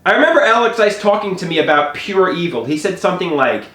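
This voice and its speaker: A man telling a personal story to the camera in an animated way, often stammering and restarting his sentences. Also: high-pitched, quick pace, few pauses, reverberant.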